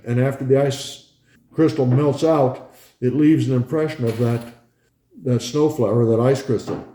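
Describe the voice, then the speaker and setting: Older man spinning a roomy, mellow yarn. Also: mid-range voice. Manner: chatty, chuckling, acts out scenes with gestures. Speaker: former pilot recounting a research flight. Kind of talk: casual reminiscing storytelling. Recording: roomy echo.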